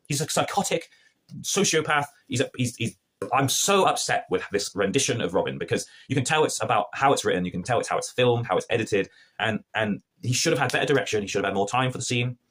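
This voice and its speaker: A man's voice: medium pitch, expressive, fast, fairly bright tone, breathy edge. A man reviewing a TV episode in a casual, exasperated and sarcastic rant.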